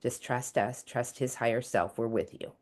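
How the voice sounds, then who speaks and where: A woman voicing her own loving higher self in an inner dialogue, speaking softly and reassuringly over a video call. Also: fairly even intonation, moderate pace. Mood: gently reassuring. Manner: soft, soothing, reassuring. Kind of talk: acted inner dialogue demonstration.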